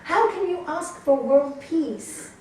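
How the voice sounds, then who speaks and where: A woman yoga teacher giving a class talk, animated and teasing as she tells stories to her students. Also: sits high, takes it slowly, slight background noise. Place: yoga class room, indoors. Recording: echoey hall, voice from far off.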